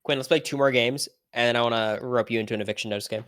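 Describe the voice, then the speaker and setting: A man's voice: medium pitch, fairly even intonation, racing, a bit bright, smooth. A young man chatting casually in a gaming session, laid-back and laughing. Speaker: guest streamer. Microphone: headphones.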